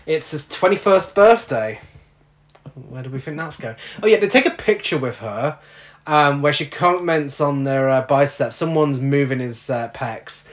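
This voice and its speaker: A man's voice: fairly high pitch, animated, moderate pace. A man co-hosting a podcast, recapping a film with incredulous, exasperated humour. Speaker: podcast co-host. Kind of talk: casual film recap chat.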